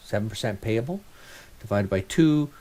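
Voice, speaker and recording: A man's voice: fairly low pitch, normal speed. A middle-aged man teaching a recorded finance lecture, talking things through in a conversational way and checking in with rhetorical questions. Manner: animated, conversational, thinks aloud with rhetorical checks. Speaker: instructor.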